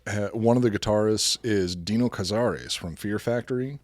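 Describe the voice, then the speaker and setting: A man's voice: on the low side, normal speed, no room sound. A man co-hosting a casual podcast, loose and profane, reading history notes between jokes. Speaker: podcast co-host.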